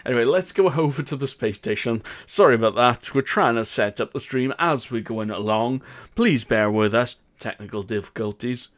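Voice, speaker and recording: A man's voice: medium pitch, normal speed. A man with a Welsh accent hosting a game live stream in casual, upbeat chat and laughing often.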